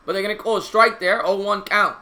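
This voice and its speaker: A man calling a baseball game play by play on his live stream, chatting with viewers in a casual, slangy, excitable way. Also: sits high, a little fast.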